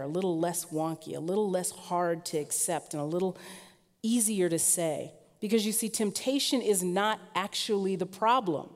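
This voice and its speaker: A woman preaching a sermon, telling stories with lively, rising emphasis. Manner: lively storytelling, rising in pitch and force when emphatic. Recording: long hall reverb.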